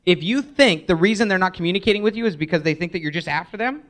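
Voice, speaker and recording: A man presenting a live sales workshop, energetic, acting out sample voicemails as he teaches. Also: sits high, racing.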